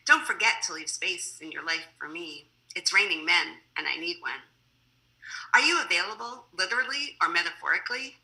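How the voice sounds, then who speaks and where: A woman poet reading her poems in a measured, deliberate way, with chatty, laughing asides between them, over a video call. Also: fairly low pitch, bright, forceful tone, rough recording. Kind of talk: poetry reading with casual asides.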